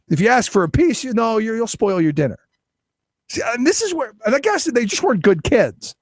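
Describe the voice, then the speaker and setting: A man's voice: extremely high pitch, moderate pace, no echo. A man hosting a political talk radio show, delivering an opinionated, sarcastic monologue. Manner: animated, sarcastic, acts out quoted voices.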